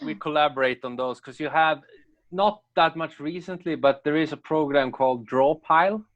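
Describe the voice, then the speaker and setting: A man's voice: on the high side, moderate pace, dull audio. A Swedish man speaks English with a Swedish accent as a guest in a casual interview. He jumps in eagerly and keeps things moving. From Sweden. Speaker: filmmaker guest.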